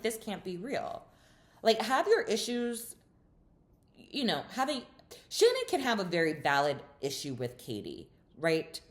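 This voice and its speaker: A woman hosting a casual reality TV recap, chatty and opinionated, with lots of fillers and sassy asides. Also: deep voice.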